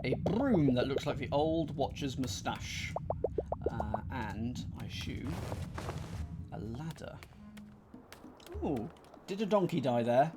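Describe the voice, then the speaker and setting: A man's voice: mid-range voice, lively intonation, takes it slowly, pauses often, over loud music. Jokey man playing a puzzle game. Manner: self-deprecating, jokey asides. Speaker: let's-play host. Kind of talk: casual game commentary.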